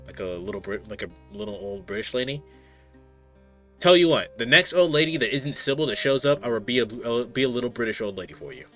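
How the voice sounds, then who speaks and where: A man's voice: medium pitch, sing-song, fast, hardly any pauses, a bit bright, soft background music. A man streaming a story game, reading it aloud and adding playful, joking asides. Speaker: streamer playing a visual novel. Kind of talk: casual live-stream commentary.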